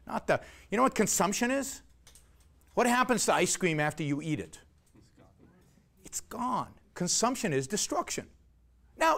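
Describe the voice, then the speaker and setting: A man's voice: high-pitched, vocal fry. A man giving an argumentative lecture, emphatic and sarcastic, peppering his points with rhetorical questions and "right?".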